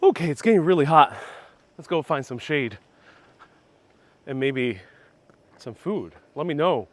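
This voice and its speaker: A man's voice: on the high side, lively intonation, a little slow. Man giving a casual live walking tour. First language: Spanish. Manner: casual, reads viewer comments aloud, self-correcting. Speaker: travel vlog host. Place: outdoors in old town streets. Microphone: phone on gimbal with clip-on mic.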